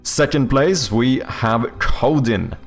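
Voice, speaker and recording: This Swedish streamer has a mid-range voice with lively intonation and speaks slowly, with faint music in the background. His English tilts toward a British accent, and he casually reads and responds to chat, often using fillers and starting over.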